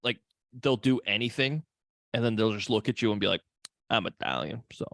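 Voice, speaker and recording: A man from Long Island co-hosting a podcast, chatting casually and telling animated stories with loud shouted impressions. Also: mid-range voice, fairly quick, no room sound, studio quality. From Long Island, New York. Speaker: podcast co-host. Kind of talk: casual chat about a film.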